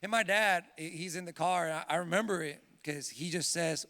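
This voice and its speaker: A young man preaching in a church, his high, bright voice carrying a long reverb through the hall. He tells stories with lively animation and pushes his points home with emphatic preaching. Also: fairly quick, creaky, hardly any pauses. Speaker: pastor. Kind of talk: sermon with personal storytelling.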